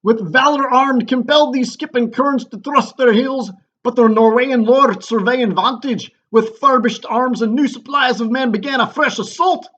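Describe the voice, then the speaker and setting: A man voicing a wounded, bleeding Scottish army captain, declaiming loudly in a put-on Scottish accent. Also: extremely high pitch, moderate pace, dull audio, voice pushed up, full character voice. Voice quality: loud and strained, declaiming.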